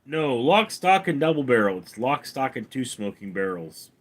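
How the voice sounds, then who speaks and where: A man hosting a casual livestream, reading out viewers' names and comments and answering them, calling the names out louder and higher than his replies. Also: very animated, moderate pace. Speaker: streamer reading viewer chat; actor.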